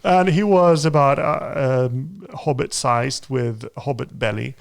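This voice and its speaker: Podcast guy with a gravelly voice, acting out the quotes, laughing as he tells it. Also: medium pitch, takes it slowly. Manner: animated, laughing storyteller who acts out quotes. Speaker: podcast host. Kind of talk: casual storytelling.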